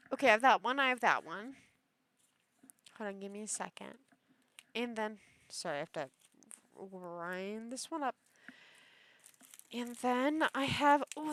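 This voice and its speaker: A woman's voice: on the high side, a bit bright. A young woman chatting casually to her viewers, gushing and squealing over cute little things. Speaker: vlogger. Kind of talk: casual chat.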